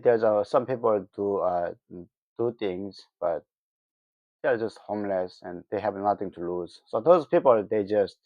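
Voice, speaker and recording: A lower-voiced man with a North Korean accent talks through his views in English, his second language. He stops often on fillers, then speeds into sharp, mocking jabs. The sound is dull and lo-fi, and very dry. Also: no room sound. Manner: halting, many fillers, heated mocking asides. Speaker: vlogger. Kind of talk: casual opinion monologue.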